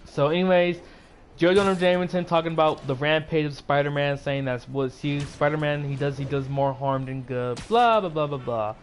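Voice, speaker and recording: Male YouTuber, somewhat high-pitched, rambling excitable recap style. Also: moderate pace, a little hiss or hum. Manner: rambling, excitable, many fillers and restarts. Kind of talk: casual movie recap.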